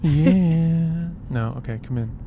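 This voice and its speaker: This Irish co-host's voice is on the high side, and he takes things slowly, chatting casually on a podcast and restarting phrases often. He's riding in a moving car with traffic and train noise behind him, and the recording's highs are cut off.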